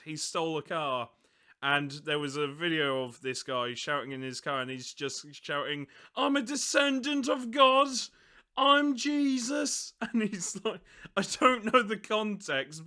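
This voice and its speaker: Host, male; loose giggly ramble, bright tone. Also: on the high side. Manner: giggly, keeps breaking into laughter; rambling, self-mocking. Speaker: hobby channel host. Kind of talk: casual chat.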